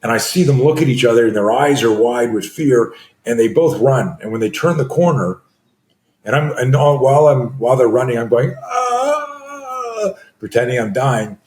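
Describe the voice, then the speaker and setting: Speaking fairly quickly in a mid-range, darkish voice, this man in his sixties from Canada appears as a guest and recounts stories from his work as a self-defense coach. He dramatizes the scenes with gasps and screams, and the room echoes noticeably.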